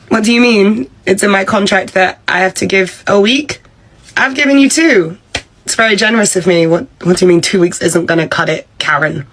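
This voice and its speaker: A young woman with a blunt, sarcastic delivery, sounding fed up with everything. Her pitch sits in a middle range. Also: a little fast. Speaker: sketch comedian voicing the employee. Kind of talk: comedy sketch.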